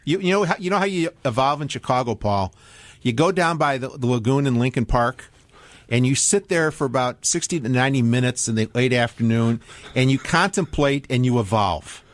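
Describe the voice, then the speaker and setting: A man's voice: mid-range voice, brisk, dry recording. A man hosting a talk radio show, chatting casually with a co-host and callers, with hesitant restarts. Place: radio studio. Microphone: studio microphone.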